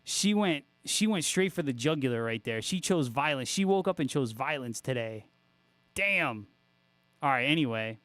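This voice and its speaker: A man's voice: medium pitch, animated, moderate pace, fairly bright tone, no echo. A man hosting a guitar livestream, chatting casually with viewers, joking, swearing freely and laughing a lot. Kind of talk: casual livestream chat, reading viewer comments.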